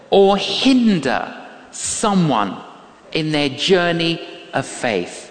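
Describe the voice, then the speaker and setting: An older man with a high voice preaches an animated, emphatic sermon in a hall, telling stories and acting out the voices he quotes. The large hall gives the recording a long reverb.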